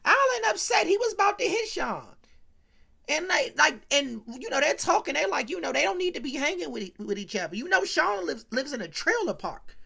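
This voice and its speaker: A woman tells a sitcom episode as a comic rant, slangy and animated. Her high, bright voice swings widely. A gravelly fry runs through it. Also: brisk. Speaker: host recapping a sitcom episode. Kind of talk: casual comedic rant.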